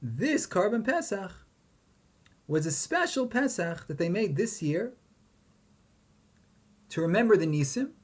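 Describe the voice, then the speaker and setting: A man's voice: high voice, big pitch swings, a little slow, pauses often. A man giving a Torah lecture, posing questions and chanting Hebrew verses with emphasis. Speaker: rabbi teaching Torah.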